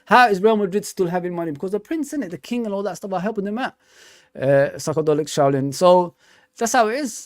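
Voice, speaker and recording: Rambling slangy man, bright and dry. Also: sits high, no echo. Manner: rambling, repeats himself, slangy. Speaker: fan channel host. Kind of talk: casual live stream chat.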